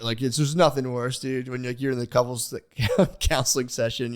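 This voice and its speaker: A young man on a podcast, rambling in casual chat, animated, swearing freely and restarting his sentences. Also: mid-range voice, normal speed, pauses often. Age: young adult. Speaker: podcast host.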